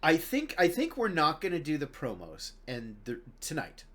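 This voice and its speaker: A man's voice: a little high, wildly swooping pitch, moderate pace, a bit bright. Chatty laughing male podcast host. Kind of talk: casual chat.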